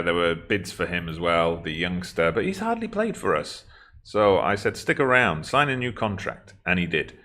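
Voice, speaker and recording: A man's voice: low voice, bright, forceful tone. A man casually commenting on his football management game as he plays, chatting to himself and to his team. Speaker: video game streamer.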